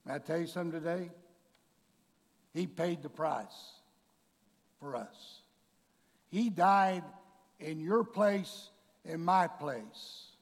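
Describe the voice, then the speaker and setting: A man preaching a sermon to his congregation, bursting into shouted, drawn-out emphasis and calling them folks and church. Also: on the high side. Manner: addresses the congregation directly. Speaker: pastor. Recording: long reverb of a large hall.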